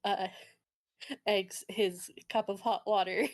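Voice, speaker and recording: A woman's voice: mid-range voice, fairly even intonation, takes it slowly. A woman narrating as game master in a rambling way, with many fillers.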